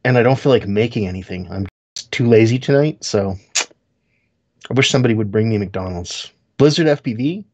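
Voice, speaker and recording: Canadian male caller, husky, dry wisecracks. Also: on the low side, animated, brisk, a little mellow. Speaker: caller on a video call. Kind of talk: casual chat.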